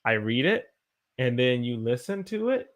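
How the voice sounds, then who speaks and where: A young American man, an English teacher, chatting on a live stream, animated and greeting his viewers by name. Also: mid-range voice, moderate pace. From United States. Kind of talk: casual live-stream chat.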